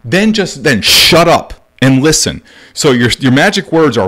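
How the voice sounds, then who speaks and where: A man coaching baseball dads speaks straight to camera in a medium-pitched voice with big pitch swings, unhurried and pushed and bright. His parenting advice is blunt and emphatic, and he repeats the key points.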